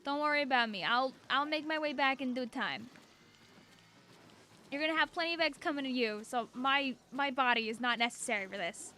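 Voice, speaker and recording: A woman's voice: sits high, normal speed, bright, forceful tone, slight background noise. A young woman streaming a game, chatting casually and bubbly, laughing often. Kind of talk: casual gameplay chat.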